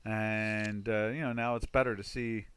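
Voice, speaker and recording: Low-voiced man talking markets. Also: flat delivery, measured pace, a bit bright, clear, resonant tone, no echo. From United States. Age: older. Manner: rambling, many fillers and restarts. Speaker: trading webinar host. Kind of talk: casual market commentary over charts.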